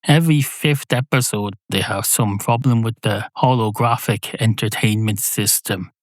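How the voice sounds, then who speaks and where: A man hosting a podcast, musing in a rambling, deadpan comic monologue. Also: on the low side, no echo. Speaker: podcast host.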